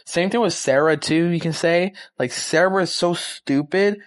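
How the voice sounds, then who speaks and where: A young man casually reviewing a movie, excited and rambling, full of slang and fillers. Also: a little high, moderate pace.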